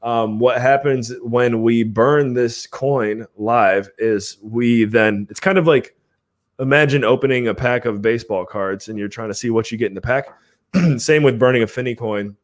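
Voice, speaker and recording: A man's voice: mid-range voice, normal speed. A man hosting a live podcast stream, chatting casually in an upbeat way and laughing often. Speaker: podcast host.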